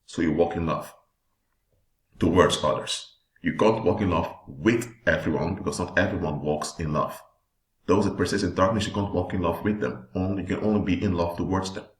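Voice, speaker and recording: A man teaching in a sermon style, slow and deliberate, leaning hard on key words. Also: low voice, reverberant. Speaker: preacher.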